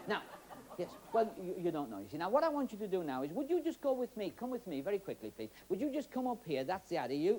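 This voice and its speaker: A middle-aged Yorkshire man with a high, bouncy voice runs a stage magic routine, teasing and joking with the volunteers he directs. His pitch swings widely as he talks. The sound is an old TV broadcast with a faint hiss underneath. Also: dark tone. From Yorkshire, England. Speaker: magician host. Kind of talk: stage magic patter with audience. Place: TV studio stage with audience.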